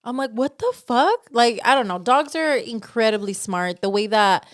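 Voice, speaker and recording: Animated, swearing woman co-hosting a podcast. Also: a little high, moderate pace, dry recording, clean studio sound. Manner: animated, swears freely, laughs a lot. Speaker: podcast co-host. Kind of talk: casual chat.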